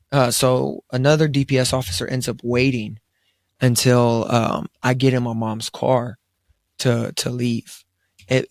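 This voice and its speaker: A young man with a drawl and a gravelly, fry-edged voice tells a long personal story at a podcast table. He speaks at an ordinary pitch, quoting himself with lots of "I was like" and restarts. The sound is dry and close. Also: no room sound. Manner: laid-back storytelling, quoting himself, frequent fillers and restarts. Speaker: podcast co-host. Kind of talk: casual storytelling chat. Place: studio around a table.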